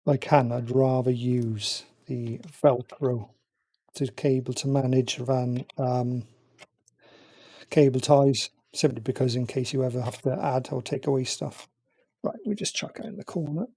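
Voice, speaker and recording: A man muttering quietly to himself as he chats casually on a live stream, talking through a build. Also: mid-range voice, steady tone, a little slow, slightly rough, no echo, studio quality. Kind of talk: casual live-stream chat while working.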